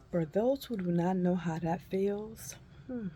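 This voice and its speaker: A woman in her fifties telling a personal story in a folksy, animated way and calling listeners honey and baby. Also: medium pitch. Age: 50s. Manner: animated, acts out her own cries and shrieks. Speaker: vlogger.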